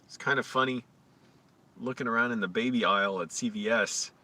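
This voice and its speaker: A man vlogs outdoors on the street, speaking into his camera in a loose, rambling manner that's crude and complaining. He has a mid-range voice with a sharp tone and talks a little fast.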